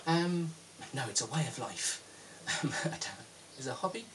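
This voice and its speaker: A man's voice: mid-range voice, very animated, moderate pace, hardly any pauses, a bit bright, far from the mic, slight background noise. A man in his thirties from London with a British accent, answering viewer questions in a chatty, self-deprecating vlog with frequent ums. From London, England. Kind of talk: casual Q&A vlog.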